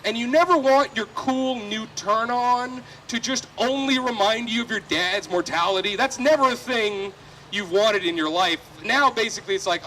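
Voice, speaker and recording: A man's voice: high voice, normal speed, pushed and bright, a little hiss or hum, poor audio. A man performing a self-deprecating, rambling stand-up set at an outdoor street festival. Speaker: stand-up comedian.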